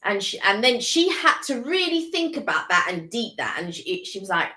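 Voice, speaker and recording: A woman's voice: medium pitch, very animated, normal speed, pushed and bright, echoey room. An English woman co-hosting a casual live-stream chat, talking in rambling runs that restart and trail off. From England. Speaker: co-host.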